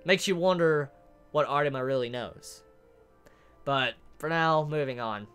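A man's voice: fairly high pitch, a little slow, fairly bright tone, smooth, faint music behind. A man casually reviewing a manga chapter who gets openly worked up and swears as he talks.

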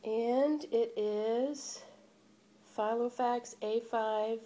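A woman vlogging an unboxing on a handheld phone, gushing and gasping with breathless excitement. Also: fairly high pitch, extremely slow. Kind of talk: casual unboxing chat. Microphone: phone held in hand.

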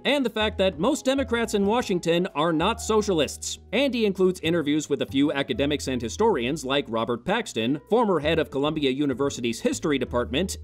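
A man giving sarcastic, exasperated scripted commentary as a film reviewer, swearing freely. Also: a little high.

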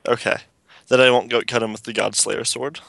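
A man's voice: mid-range voice, flat delivery, brisk, vocal fry, fairly bright tone. A man playing in a tabletop game, asking questions in a joking way. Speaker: player. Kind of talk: casual tabletop play.

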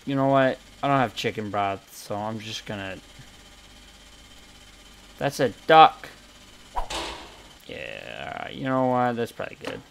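A young man talks his way through a cooking game in slow, drawn-out bursts, swearing freely and muttering half-finished asides to himself. His voice sits at an ordinary middle pitch, with a faint hiss of noise underneath. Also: big pitch swings, creaky. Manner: chaotic and sweary, muttering asides with sudden loud outbursts. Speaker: gameplay commentator. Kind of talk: casual gameplay commentary.

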